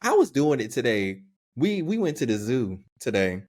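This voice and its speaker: A young man co-hosts a casual podcast, and his voice swings widely in pitch as he talks. He laughs often and drops loose slang. His delivery is easygoing and animated. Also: moderate pace. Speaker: podcast co-host.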